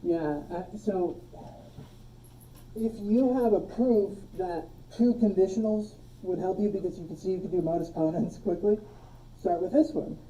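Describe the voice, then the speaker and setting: Very dark-voiced woman teaching logic. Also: on the low side, moderate pace, recorded from a distance, slight background noise, rough recording. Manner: relaxed, asks the class questions and jokes. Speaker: logic instructor. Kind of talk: classroom lecture. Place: classroom. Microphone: phone streaming the class.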